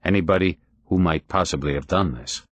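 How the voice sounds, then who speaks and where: A man's voice: deep voice, fairly quick, fairly bright tone, no echo. A man voicing a grim male police detective who gives curt, urgent orders.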